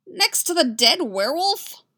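A woman voicing a dramatic, excitable young male bard, with shrill, squeaky outbursts, in a fan fiction reading. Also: unhurried, full character voice. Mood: panicked. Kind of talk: fan fiction read aloud.

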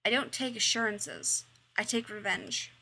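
A woman's voice: mid-range voice, very animated, a little slow, creaky, pushed and bright, breathy edge, exaggerated voice. A woman reading the lines of a blunt, tough teenage girl who fights monsters, in a defiant way.

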